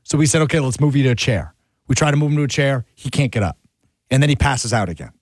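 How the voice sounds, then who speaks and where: An animated man recounts a story among friends, his pitch leaping up whenever he acts out what he said. The sound is dry and close, with no room around it. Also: fast talker, dry recording. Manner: animated, rises sharply when acting out his own lines. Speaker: show regular telling a story. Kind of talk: casual storytelling chat.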